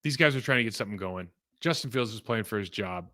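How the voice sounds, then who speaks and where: A man's voice: fairly low pitch, animated, quick pace, pushed and bright. A man casually breaking down football game film, talking in a rambling, conversational way that trails off and restarts.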